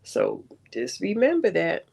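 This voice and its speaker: A woman's voice: lowish voice, huge pitch swings, unhurried, creaky, darkish tone, husky. A woman from Brooklyn with a Brooklyn accent, hosting a card-reading livestream in a blunt, emphatic, casual way, laughing often. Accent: Brooklyn New York. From Brooklyn, New York. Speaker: stream host reading cards.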